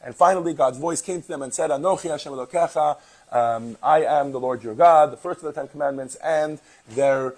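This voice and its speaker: New york guy teaching a class, husky voice, chatty and jokey. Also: a little high, a little fast, darkish tone, low-quality recording. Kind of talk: classroom lesson.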